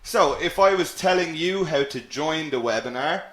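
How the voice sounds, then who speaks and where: A man's voice: fairly high pitch, expressive, moderate pace, fairly bright tone, roomy sound. An Irish man teaching English in a live webinar, upbeat and encouraging, repeating key phrases. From Ireland.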